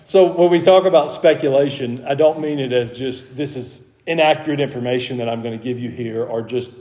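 Mellow-voiced man teaching a Bible study. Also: medium pitch, a little fast. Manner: conversational, grows emphatic.

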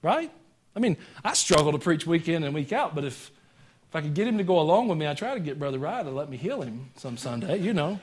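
A man with a notably high voice delivers a sermon in a church, talking to the congregation like a neighbor. He punches some lines out hard, then drops to quiet, dry jokes. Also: sing-song, fast, slightly rough. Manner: conversational preaching that swings between loud emphatic lines and quiet wry asides; joking. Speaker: pastor. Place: church sanctuary.

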